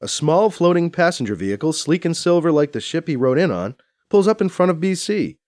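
A man narrating an audiobook with expressive, storytelling delivery. His voice sits a little high and swings widely in pitch. The recording is close and dry. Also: brisk, dry recording. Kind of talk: scripted narration.

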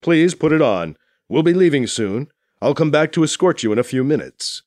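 A man voicing a proud, solemn male alien captain who speaks in a formal, measured way. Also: a little high, animated, darkish tone, dry recording, studio quality, close to an everyday voice.

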